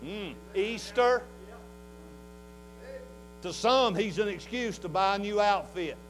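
A man in his sixties with a Southern US accent, preaching a fervent revival sermon in a folksy way that swings from hushed talk to shouting. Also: high-pitched, expressive, takes it slowly, a little hiss or hum, poor audio. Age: 60s.

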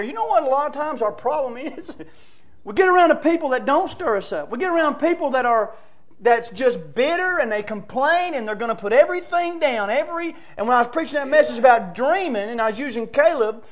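A man. He tells stories in a folksy, excitable way and now and then climbs to shouting. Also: extremely high pitch, a little fast. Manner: excitable storytelling, rising to shouts; folksy, says "man" and "brother" often. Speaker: preacher. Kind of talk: sermon.

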